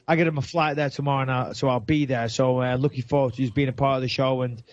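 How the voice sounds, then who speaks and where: A man's voice: mid-range voice, steady tone, fast talker, dry recording, lo-fi sound. A man with an English accent, co-hosting a podcast in casual, joking banter. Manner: joking, teasing, easygoing. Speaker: podcast co-host.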